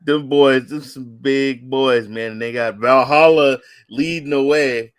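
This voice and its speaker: A man co-hosting a casual sports talk stream, telling stories with animated, drawn-out emphasis. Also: medium pitch, smooth, no echo, studio quality. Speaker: co-host.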